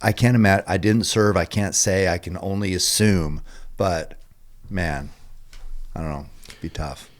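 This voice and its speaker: A man as a podcast guest, speaking earnestly and haltingly as he searches for his words. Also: low-pitched. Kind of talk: casual conversation.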